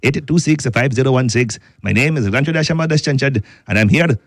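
A man's voice: medium pitch, normal speed, no room sound, lightly acted. A man doing a self-important caller. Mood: triumphant. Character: grandiose male caller who seizes the show.

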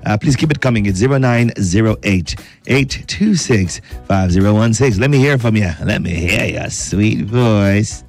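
A man's voice: fairly low pitch, expressive, moderate pace, faint music behind. A man with a Nigerian accent hosting a midday radio show, joking with listeners and reading out their messages. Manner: playful, joking, reads listener messages aloud. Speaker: radio host. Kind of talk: lively radio chat. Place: radio studio.

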